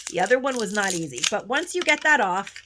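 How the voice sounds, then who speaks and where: A woman's voice: medium pitch, big pitch swings, fairly quick, noisy background. A woman beauty vlogger chatting casually at home through a haul, gushing about lipsticks and often restarting her sentences. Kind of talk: casual haul video chat.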